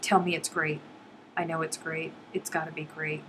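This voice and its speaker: A woman's voice: lowish voice, little pitch movement, moderate pace, fairly bright tone, slight background noise, low-quality recording. A middle-aged woman hosting a casual live stream and chatting with her viewers, reading their comments aloud playfully. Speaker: livestream host.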